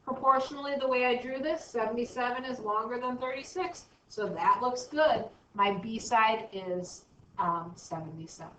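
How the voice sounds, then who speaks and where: A woman's voice: fairly high pitch, moderate pace, a bit bright, far from the mic, a little hiss or hum. A woman math teacher giving a recorded lesson, chatty and thinking aloud as she works through problems. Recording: dull, roomy, from off mic.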